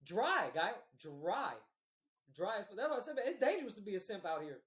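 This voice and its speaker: Young male co-host, lively swearing storyteller who laughs a lot; roomy echo on the voice. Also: high-pitched, a little fast. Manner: animated, profane, laughs often, slangy. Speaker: podcast co-host. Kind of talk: casual storytelling chat.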